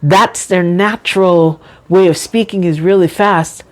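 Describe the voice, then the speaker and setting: A middle-aged woman talking slowly and deliberately in a personal vlog, carefully enunciating her words and chatting casually. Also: fairly low pitch, steady tone. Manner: chatty, says y'all and you know. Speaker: vlogger.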